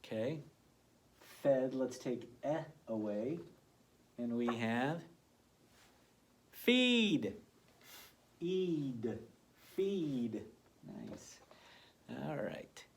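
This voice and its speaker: In a medium-pitched voice, a male teacher walks children through beginning phonics, sounding out letters with slow, deliberate care and gentle encouragement.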